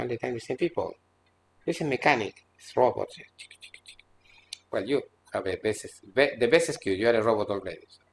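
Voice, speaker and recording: A man as a spiritual teacher at a seminar, speaking in an earnest, admonishing way, with halting, repetitive phrasing and many restarts. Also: medium pitch, expressive, creaky, a little hiss or hum. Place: seminar room at an ashram in India.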